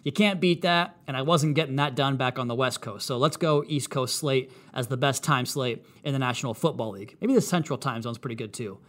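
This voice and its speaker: A man's voice: medium pitch, fairly quick, hardly any pauses, a bit bright. A man in his thirties hosting a casual fan podcast, talking animatedly with dry, sarcastic asides. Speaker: podcast host. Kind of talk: casual monologue.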